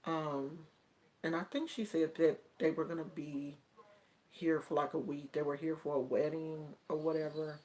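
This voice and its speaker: A woman's voice: sits low, fairly even intonation, a little mellow. A woman from the United States telling a personal story on her vlog in a casual, colloquial way. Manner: slow, drawn-out and colloquial, with many fillers.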